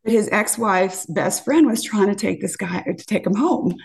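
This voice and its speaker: A woman in her fifties chats her way through a story, voice of middling pitch. She is animated and acts out each quote, her pitch leaping up for the punchlines. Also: moderate pace, gravelly. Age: 50s. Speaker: podcast guest. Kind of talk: casual storytelling.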